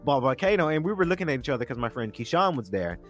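A man's voice: medium pitch, big pitch swings, fast, faint music behind. A man co-hosting a podcast, chatting casually and enthusiastically in a review, often repeating words as he looks for the next one. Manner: enthusiastic, repeats words while reaching for them. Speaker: podcast co-host.

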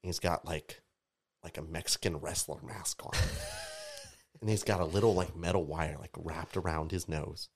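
A man from Tampa, a DJ and music producer, telling animated stories in casual podcast chat, his voice jumping up when he acts out what people said. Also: low-pitched, moderate pace, slightly rough. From Tampa, Florida. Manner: animated storyteller, voices rise sharply in quoted outbursts.

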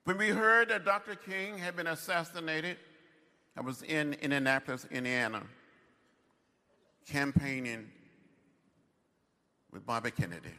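An older man in his seventies delivers a commencement address at a university ceremony, his fairly high voice bright and pushed. He speaks slowly with long pauses, using an orator's rhythmic cadence and forceful repetition. The recording carries the echo of a large hall.

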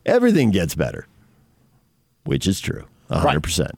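Chatty low-voiced male sports co-host. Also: wildly swooping pitch, moderate pace, creaky, a little mellow, husky, no room sound, studio quality. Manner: chatty, laughs easily, explanatory. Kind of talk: casual sports talk.

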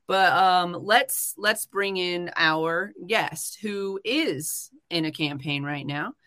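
Woman streamer ranting, bright sharp voice, lots of ums and swearing. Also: fairly low pitch, slow pace. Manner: heated, swearing, many fillers and restarts. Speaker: livestream host. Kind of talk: casual livestream chat. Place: home livestream.

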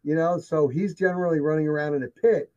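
A man tells his stories in an emphatic, repetitive way, leaning on key phrases. His voice sits a little high for a man. The recording is dull and lo-fi. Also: steady tone, fast talker, darkish tone. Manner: emphatic storyteller, repeats himself. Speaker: guest telling of sightings. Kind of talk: casual conversation. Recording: dull lo-fi sound.

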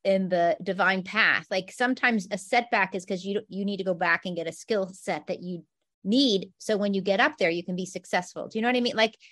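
A woman's voice: mid-range voice, brisk, a bit bright. A woman hosting a conversation, reflecting back to her guest in an encouraging, thoughtful way. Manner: encouraging, reflective, many "like" fillers. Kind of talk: supportive conversational chat.

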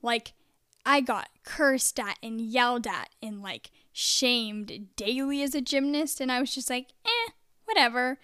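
A woman's voice: a little high, a little slow, bright, forceful tone, clear, resonant tone, no echo, studio quality. A young adult woman talking casually to camera in a confessional vlog, chatty and full of "like". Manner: chatty, peppered with "like". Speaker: vlogger.

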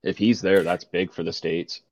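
Deep flat-voiced man on a dull mic. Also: normal speed, dry recording. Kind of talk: casual sports chat.

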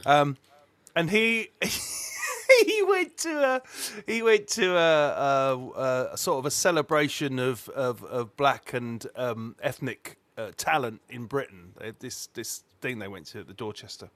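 A man co-hosting a podcast, telling an anecdote in casual chat with animated laughter. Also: medium pitch, measured pace, no room sound. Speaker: podcast co-host.

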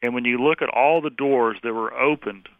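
Brief: a measured male guest, phone-quality audio, dry sound. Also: mid-range voice, dry recording. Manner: measured, explanatory. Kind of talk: conversational interview. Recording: tinny phone line.

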